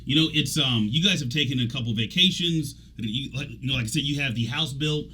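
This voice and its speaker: A man's voice: medium pitch, brisk, pushed and bright, husky, low-quality recording. A man hosting a radio talk show as an executive coach, talking casually and animatedly, often trailing off and restarting. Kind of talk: casual conversational interview.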